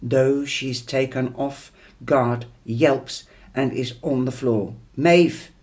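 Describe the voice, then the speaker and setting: A man's voice: mid-range voice, little pitch movement, slow pace, a little mellow. A man reading a novel chapter aloud, with small slips and restarts. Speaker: audiobook reader.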